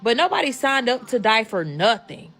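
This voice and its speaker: A woman's voice: on the high side, very animated, normal speed, a bit bright, husky, soft background music. A woman venting in a casual opinion video, irritated, blunt and profane.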